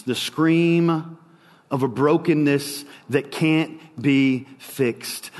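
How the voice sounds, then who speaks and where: A man preaching a sermon with a slow, dramatic delivery and long pauses. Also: mid-range voice, darkish tone, long reverb tail.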